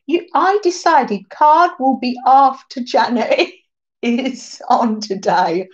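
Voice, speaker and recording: A woman's voice: sits high, animated, slow, muffled recording. A woman hosting a craft livestream, chatting casually, reading out viewer comments and laughing often.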